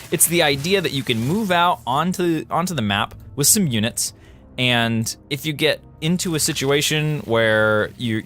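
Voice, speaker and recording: A man who designs games, explaining game design in casual commentary over footage, animated and full of quick exclamations. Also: medium pitch.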